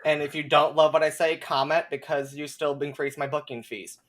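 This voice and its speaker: A young man chatting as a guest on a live show. He talks in an animated, sarcastic way, swears freely and laughs a lot between points. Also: a little high, a little fast. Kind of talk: casual live chat.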